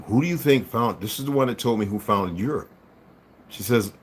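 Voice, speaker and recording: Speaking at normal speed and in an animated way, a man addresses his livestream viewers in a combative monologue. He alternates between muttering low and erupting loudly for emphasis, with some laughs and repeated words mixed in.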